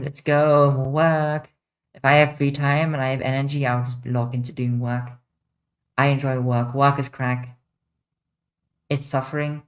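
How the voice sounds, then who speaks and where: Casual livestream Q&A, chatty streamer, off the cuff, mid-pitched voice. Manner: chatty, answers chat questions off the cuff.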